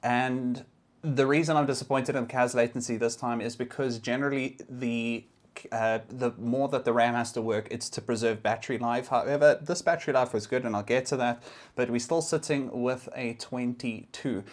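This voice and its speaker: A man's voice: mid-range voice, steady tone, normal speed. A young man giving a casual, explanatory tech review, occasionally restarting his sentences.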